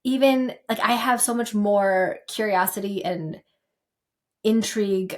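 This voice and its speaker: A woman co-hosting a podcast in casual chat, talking in quick, animated bursts as she reflects. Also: mid-range voice. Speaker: podcast co-host.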